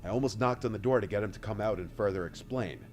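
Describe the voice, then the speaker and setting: A man reading a first-person story aloud in a steady, even manner. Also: fairly low pitch, quick pace. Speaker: story narrator. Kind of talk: narrated story read aloud. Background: faint music.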